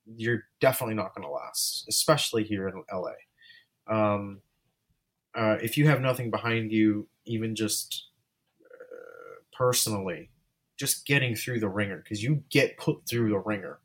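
A man's voice: fairly low pitch, unhurried, a bit bright. A man talking as an interview guest, a filmmaker speaking candidly and rambling with frequent restarts. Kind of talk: casual interview chat.

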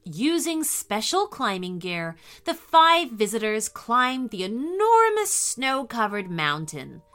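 A woman reading a bedtime story aloud in a slow, expressive, gentle way. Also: on the high side, faint music behind.

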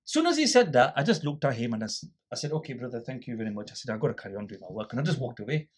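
Casting: man, husky voice, animated anecdote teller who voices both sides of a quarrel. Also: mid-range voice, racing. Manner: animated storyteller, acts out quoted dialogue. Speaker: guest, volunteer litter picker. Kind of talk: casual storytelling interview.

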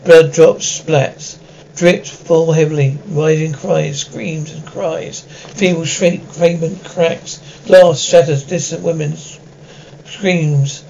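A man narrating, reading out descriptions of sounds in a flat listing manner. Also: a little high, slow, creaky, highs cut off, slight background noise.

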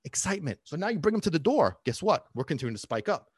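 A man explains dog training in an emphatic, casual way, with a fairly high voice that leaps up and down a lot. He keeps throwing out rhetorical questions, and the sound is dry and close. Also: very animated, quick pace, hardly any pauses, darkish tone, breathy edge, no echo. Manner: emphatic, rhetorical questions, frequent "okay?" and "right?". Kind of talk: casual instructional talk.

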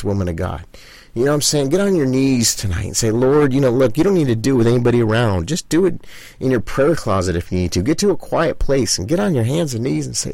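Preaching with fervor, a middle-aged male pastor addresses the listener directly and leans on many repeated phrases. He sounds animated and brisk, with a mid-range, gravelly, slightly mellow voice, recorded with no echo.

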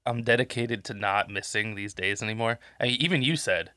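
A man's voice: lowish voice, brisk, sharp tone, no echo, clean studio sound. A man co-hosting a podcast while sick and congested, rambling and swearing through casual chat and losing his train of thought. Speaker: podcast co-host. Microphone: podcast microphone.

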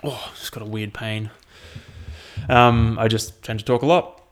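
A man's voice: fairly low pitch, steady tone, unhurried. A young man hosting a solo podcast, chatting casually and rambling with frequent swearing. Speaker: podcast host.

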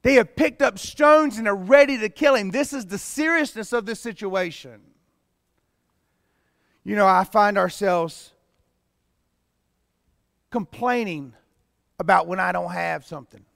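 A man pastor preaching a sermon with emphatic delivery that rises to loud exclamations. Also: sits high, measured pace, vocal fry, pauses often, no echo, clean studio sound, long reverb tail.

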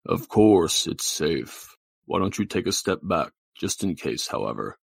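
A man putting on a deep, slow voice of a solemn male god in improvised comedy. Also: big pitch swings, vocal fry, husky, no echo, exaggerated voice. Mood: calm. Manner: slow, drawn-out proclamations.

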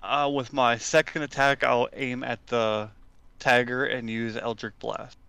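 Bright dry-voiced male player. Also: mid-range voice, little pitch movement, measured pace, creaky, clear, resonant tone, no room sound. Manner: forgetful, trailing off. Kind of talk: casual tabletop game play.

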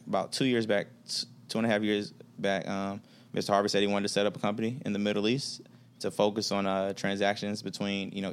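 A man from Atlanta speaks in a very deep, fairly flat voice that stays smooth and clear. He tells his stories in a relaxed, slangy way and acts out the lines of the people he quotes. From Atlanta, USA. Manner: laid-back storyteller, slangy, acts out quoted dialogue. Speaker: podcast guest, business executive. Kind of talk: casual podcast conversation.

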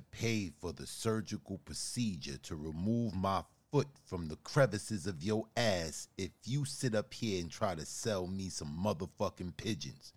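A man's voice: deep voice, lively intonation, unhurried, few pauses. A man ranting profanely and indignantly as a wronged customer in a comedy sketch. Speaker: podcast host.

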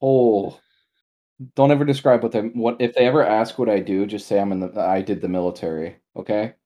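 A man's voice: fairly low pitch, fairly even intonation, fairly quick, dark tone. A young man co-hosting a podcast, teasing and rambling in casual chat. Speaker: podcast co-host.

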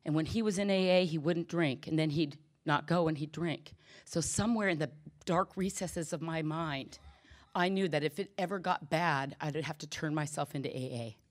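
A woman's voice: deep voice, normal speed. A middle-aged woman candidly telling her own recovery story to a group, emotional and self-deprecating. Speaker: speaker sharing recovery story. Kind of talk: personal testimony talk.

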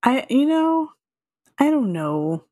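A woman co-hosting a podcast in relaxed casual chat, agreeable and laughing often. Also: high voice, takes it slowly, no room sound, studio quality. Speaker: podcast co-host.

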